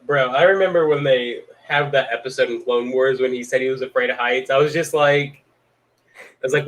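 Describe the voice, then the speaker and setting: A man co-hosting a casual fan podcast, rambling with lots of fillers and getting excited. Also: mid-range voice, normal speed, rough recording. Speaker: podcast co-host.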